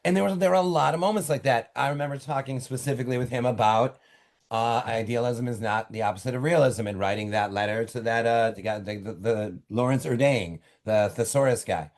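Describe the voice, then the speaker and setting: A middle-aged man, an author, talking casually from his home office in an interview, telling stories in an animated way with quick asides and restarts. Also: mid-range voice. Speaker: author guest.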